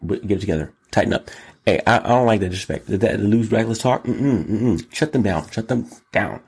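A man hosting his own show, talking solo in an animated, exclamatory way, riffing and repeating words in long runs. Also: fairly low pitch, a little fast, vocal fry, breathy edge. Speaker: show host. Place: Los Angeles.

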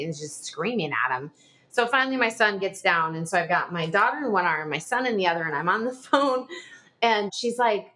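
A woman's voice: lowish voice, brisk. A middle-aged woman, a podcast guest, telling a personal story in an interview, full of "like" and acting out past conversations. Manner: animated, frequent filler "like", reenacts dialogue.

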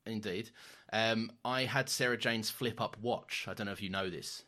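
A man's voice: fairly low pitch, moderate pace, sharp tone. A man co-hosting a podcast, telling rambling stories with casual swearing and frequent laughs. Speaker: podcast co-host. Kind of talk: casual chat.

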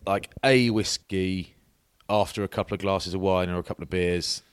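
A man's voice: low-pitched, fairly even intonation, moderate pace, clean tone, no echo, clean studio sound. A man co-hosting a casual podcast, teasing his friend and rambling with plenty of fillers. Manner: teasing, rambling, lots of likes and ums. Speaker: podcast co-host.

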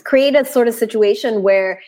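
A woman hosts an interview. She asks measured questions and warmly affirms what her guest shares. Her tone stays thoughtful and steady. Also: a little high. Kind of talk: casual conversational interview.

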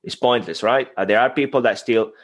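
A man's voice: mid-range voice, a little fast. A man whose first language is Spanish, speaking earnestly as a motivational guest in a podcast interview. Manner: earnest, motivational, self-deprecating.

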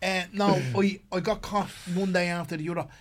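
A man's voice: sits high, flat delivery, brisk, a little hiss or hum. An Irish man hosting a chat podcast, rambling through stories full of local slang. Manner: rambling, full of slang, restarts mid-sentence. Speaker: podcast host. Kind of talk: casual chat.

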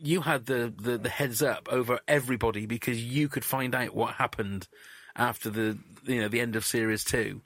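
A man hosting an interview, asking relaxed questions and joking with his guest. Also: mid-range voice, moderate pace, dry recording. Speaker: interviewer host. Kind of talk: casual interview chat.

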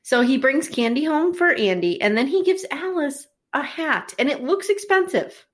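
Lively animated woman telling a story. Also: sits high, normal speed. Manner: animated storytelling, acts out characters' lines. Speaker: podcast co-host recapping episodes. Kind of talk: casual chat.

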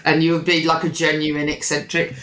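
Brummie host, wry rambling chat, bright crisp tone. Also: mid-range voice, completely flat delivery, a little fast, roomy sound. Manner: rambling, wry, many fillers and restarts. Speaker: podcast host. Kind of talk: casual chat.

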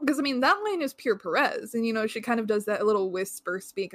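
Woman, stuffed-up nose, enthusiastic film talk, dry close sound, middle pitch. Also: fast talker, hardly any pauses, a bit bright, no echo. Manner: enthusiastic, fluent. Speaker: podcast co-host, film reviewer. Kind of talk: casual movie review chat.

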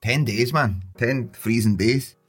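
A young man, co-hosting a podcast and telling stories about his baby in a sweary, laughing, animated chat. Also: mid-range voice, slow pace, husky, faint music behind. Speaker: podcast co-host. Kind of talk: casual chat.

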